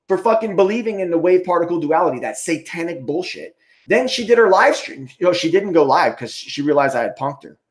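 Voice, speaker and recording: A man livestreaming an angry, profane rant, ending most points with "okay?". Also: fairly high pitch.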